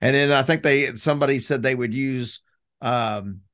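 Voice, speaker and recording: A man's voice: medium pitch, normal speed, a bit bright. A man co-hosting a podcast in an easygoing, rambling casual chat. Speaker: podcast co-host.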